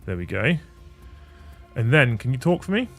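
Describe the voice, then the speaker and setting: Gravelly and very animated, a medium-pitched man talks at normal speed on his livestream, casually cursing as he tweaks his audio setup. Soft background music plays, and he's on a studio mic running through a desk mixer.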